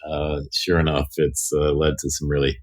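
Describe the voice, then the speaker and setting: Male executive guest, very low voice, relaxed, halting with fillers. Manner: easygoing, frequent "uh" pauses. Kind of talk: casual podcast chat.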